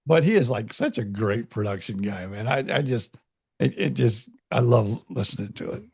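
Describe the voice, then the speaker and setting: Male podcast co-host, gravelly, with a halting storyteller delivery and a dry, close sound. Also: medium pitch, dry recording. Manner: halting, repeats words, animated storytelling. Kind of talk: casual chat.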